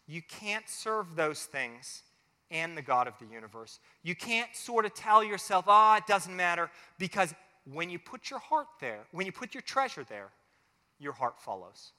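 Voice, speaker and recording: Male pastor, high and bright, lively family sermon with acted-out voices, long church reverb. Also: unhurried. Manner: animated, acts out little quoted voices. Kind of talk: family sermon with closing prayer.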